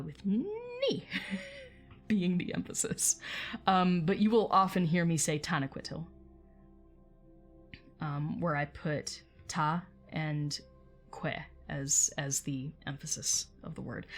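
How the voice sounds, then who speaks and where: A woman hosting a livestream, explaining terms in a chatty, casual way with frequent fillers and laughs. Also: sits low. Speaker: host.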